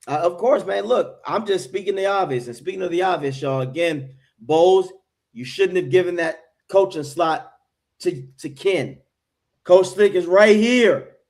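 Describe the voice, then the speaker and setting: American man, fan sports-show host, brash, profane, slightly high voice. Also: unhurried, darkish tone. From United States.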